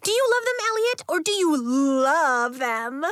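A woman doing a loud, bubbly fifth-grader. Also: very animated, slow pace, creaky, no echo, studio quality, heavily acted. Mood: excited. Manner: shrill, very high and loud.

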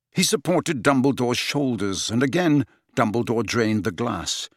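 A male narrator reads an audiobook with dramatic expression. His pitch sits in the middle of the range but swings freely. The recording is dry and close to the mic. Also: lively intonation, measured pace, few pauses, no echo. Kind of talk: scripted narration.

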